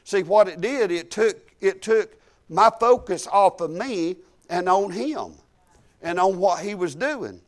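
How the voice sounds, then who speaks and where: A man's voice: sits high, expressive, measured pace. A man preaching a storytelling sermon in a folksy, conversational way, chuckling now and then.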